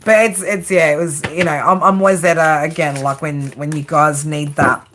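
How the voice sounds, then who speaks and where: A woman's voice: deep voice, fairly even intonation, normal speed, background noise. A woman with an Australian accent giving a casual, chatty live tarot reading, laughing often and swearing freely. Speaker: tarot reader.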